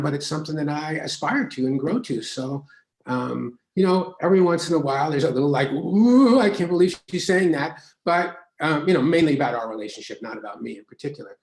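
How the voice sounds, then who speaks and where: A man's voice: medium pitch, gravelly. Man as guest spouse, easygoing storyteller; roomy studio sound. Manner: relaxed anecdotes with laughs and fillers, raising his voice for quoted women. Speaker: guest, the host's husband. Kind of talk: casual conversation on a live broadcast. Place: writing studio. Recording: echoey room.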